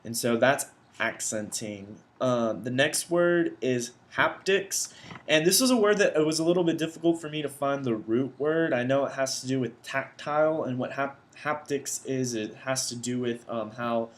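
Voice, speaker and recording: A young man talks through vocabulary terms for a class assignment, at a middle pitch. He explains casually and thinks aloud as he goes, recorded indoors at his computer. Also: normal speed. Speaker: education student presenting vocabulary.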